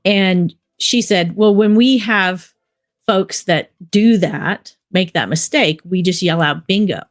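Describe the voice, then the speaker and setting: A middle-aged woman, a documentary director, telling stories in a relaxed interview, rambling with many fillers. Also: on the low side, takes it slowly. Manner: rambling storyteller, many fillers like "you know". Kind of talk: casual interview talk.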